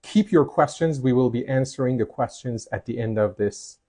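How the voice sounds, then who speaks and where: A man hosts a live chat stream on a clip-on mic, speaking at a medium pitch. He greets his followers around the world and answers their chat messages as they come in. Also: normal speed. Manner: greets viewers warmly and reads chat comments aloud. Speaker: host. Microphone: mic'd up.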